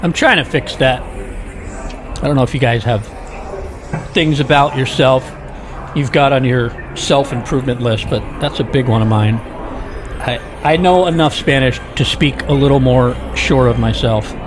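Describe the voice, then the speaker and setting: Street noise and city ambience surround a chatty vlogger as he walks a busy street, talking to viewers during a casual tour. He speaks in a mid-range voice at a measured pace.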